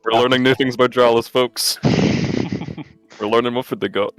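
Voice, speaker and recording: A man's voice: mid-range voice, fairly even intonation, moderate pace, smooth, no echo, soft background music. A man playing a tabletop game, narrating and joking with the group. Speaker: player voicing Winid. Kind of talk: tabletop game play, casual.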